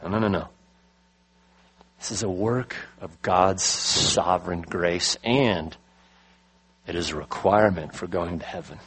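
Middle-aged male pastor, emphatic sermon delivery with slow stressed phrases. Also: low-pitched, a bit bright, husky, poor audio. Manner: emphatic, slows to stress key words.

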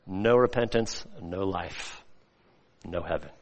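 A male pastor preaching a sermon, swinging between loud, rising emphasis and soft, hushed lines. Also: low-pitched, slow pace. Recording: long hall reverb.

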